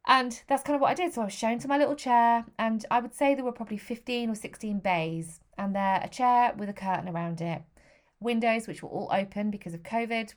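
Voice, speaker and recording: Candid woman in her thirties. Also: a little high. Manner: frank and emotional, with blunt swearing. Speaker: vlogger. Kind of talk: candid personal storytelling.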